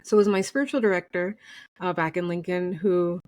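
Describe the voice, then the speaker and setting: A woman's voice: fairly low pitch, steady tone, brisk, darkish tone, no echo. Chatty woman interviewer, laughing often. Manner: chatty, laughs between phrases. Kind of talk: casual conversation.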